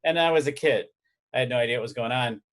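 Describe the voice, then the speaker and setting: A man hosts a casual podcast chat and tells rambling stories, slipping in jokes as he goes. His voice has an ordinary, middle-of-the-road pitch. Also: fast. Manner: rambling, joking storyteller. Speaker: podcast host and editor.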